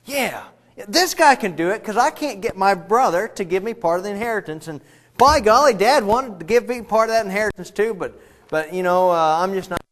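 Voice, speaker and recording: A man's voice: sits high, lively intonation, fairly quick, a bit bright, pitched above the performer's own voice. A man voicing a grumbling man who is demanding his share of an inheritance, in an exasperated, whiny tone. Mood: aggrieved.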